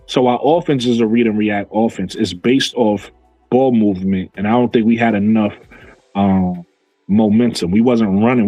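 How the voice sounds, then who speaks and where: A man gives casual livestream commentary on women's basketball, arguing his point with viewers, answering chat comments, and repeating himself. His voice is fairly low and darkish. The low-quality recording has no echo.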